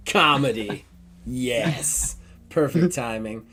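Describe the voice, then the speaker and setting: Game master, male, jokey animated narration, tabletop game. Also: medium pitch, drawn-out words, faint music behind.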